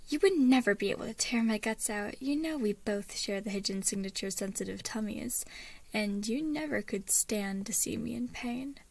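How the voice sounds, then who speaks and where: A woman's voice: mid-range voice, normal speed, vocal fry, darkish tone. A woman reading as a bitter, hurt young woman scientist. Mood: teasing.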